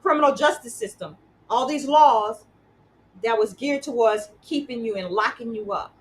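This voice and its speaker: A woman's voice: fairly high pitch, moderate pace, rough recording. A woman hosting an interview show, talking conversationally and repeating words as she builds her points. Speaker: host.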